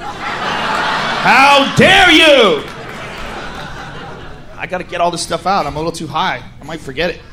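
A man doing a stand-up comedy set, ranting loudly and profanely in a rowdy manner. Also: a little high, very fast, hardly any pauses. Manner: rowdy, profane, shouting rants. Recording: live club with crowd and noise.

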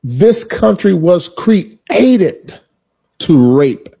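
Slow methodical male podcaster, dark husky tone. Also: sits high, big pitch swings. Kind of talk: monologue clip.

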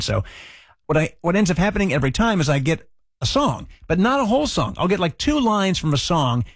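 A middle-aged man hosting a radio show, talking in a relaxed, chatty way with light self-mocking humor. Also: medium pitch, creaky, dry recording, clean studio sound. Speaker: radio host. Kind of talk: casual radio chat. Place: radio studio.

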